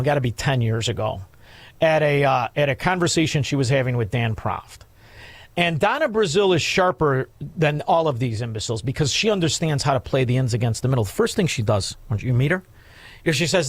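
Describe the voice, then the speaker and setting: Male talk radio host, high and lively voice, dry studio sound, combative and sneering. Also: a little fast, dry recording. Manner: mocking, combative, insulting. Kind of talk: talk radio taking calls. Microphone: studio microphone.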